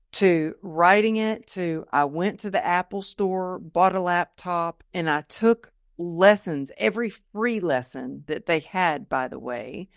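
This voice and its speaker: A woman guest on a podcast, telling her story in a casual, lively way and acting out the people she quotes. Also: on the low side, no echo, studio quality. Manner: lively storyteller who acts out quoted dialogue. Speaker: podcast guest, motivational speaker.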